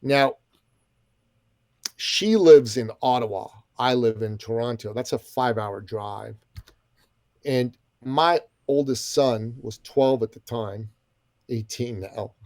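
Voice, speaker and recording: A man's voice: mid-range voice, slow, a little mellow, dry recording, studio quality. A middle-aged man guesting on a podcast, telling a story with energy, emphasis and folksy asides. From Iranian background. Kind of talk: animated storytelling.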